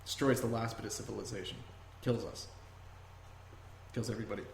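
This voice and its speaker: A man's voice: lowish voice, fairly even intonation, fairly quick, creaky. A man hosting a podcast in a heated, emphatic rant that often turns to swearing. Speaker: podcast host. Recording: echoey room with faint noise.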